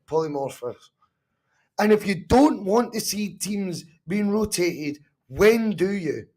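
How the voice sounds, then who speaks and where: A Scottish man hosts a live football watch-along, talking casually to his viewers. He is animated and a little sweary, with a fairly high-pitched speaking voice. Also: slow pace. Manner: animated, swearing, reacts to chat and match. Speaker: podcast host.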